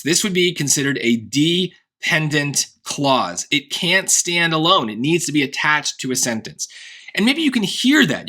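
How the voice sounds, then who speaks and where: A man's voice: mid-range voice, sharp tone. A man teaching a grammar lesson in a conversational way, thinking aloud with occasional fillers and restarts. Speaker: SAT tutor.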